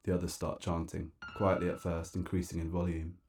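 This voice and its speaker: Deep-voiced man narrating a wry spoken-word tale. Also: level tone, brisk, a little mellow, faint music behind. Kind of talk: dramatic spoken-word storytelling.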